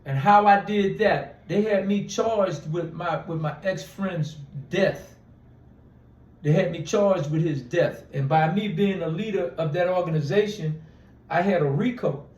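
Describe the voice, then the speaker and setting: High-voiced man telling his story. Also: a little slow, a little mellow, reverberant, recorded from a distance, lo-fi sound. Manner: rambling, restarts, acts out quoted dialogue. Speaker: interview guest. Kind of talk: storytelling in a casual interview.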